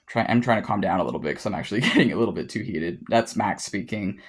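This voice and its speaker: A man's voice: fairly low pitch, fast, hardly any pauses. A young man vlogging in a casual monologue to camera, heated and profane, rambling with frequent restarts.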